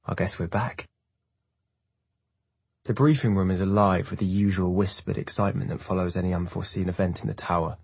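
Husky low-voiced male narrator. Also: fairly even intonation, quick pace, few pauses, a little mellow, no echo. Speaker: audiobook narrator. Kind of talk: scripted narration.

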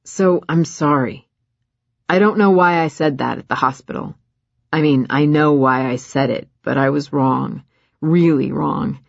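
A woman's voice: low voice, a little slow, vocal fry, no room sound, exaggerated voice. A woman voicing a hesitant, earnest young man apologizing and asking for another chance, on dry, slightly muffled audio. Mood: apologetic.

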